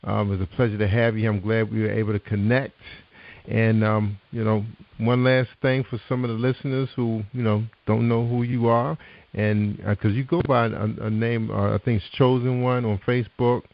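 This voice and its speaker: A man hosting a casual internet radio show, his low voice full of gravel. He talks in an upbeat, encouraging way and fills his speech with ums. The sound is dull and lo-fi. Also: flat delivery, moderate pace, dry recording. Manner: upbeat, encouraging, many fillers. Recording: muffled lo-fi sound.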